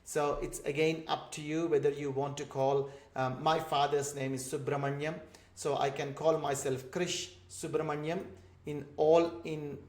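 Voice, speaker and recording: A man's voice: on the high side, level tone, moderate pace. A man from India with an Indian English accent, patiently explaining examples in an online course lesson. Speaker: instructor for migrant job seekers. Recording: roomy echoey room.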